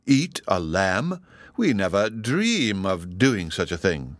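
A man's voice: low voice, sing-song, takes it slowly, no echo, studio quality, full character voice. A man voicing a sly old fox who sweet-talks in a storybook tale. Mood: wheedling. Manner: smooth, wheedling.

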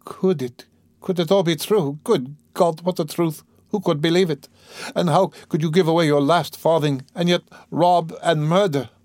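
A man's voice: steady tone, normal speed, a little mellow, no room sound, natural voice. A man reading an audiobook, voicing a distraught, bewildered young woman with a raised, tearful, pleading voice. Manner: high, tearful, urgent pleading. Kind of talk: audiobook character voice.

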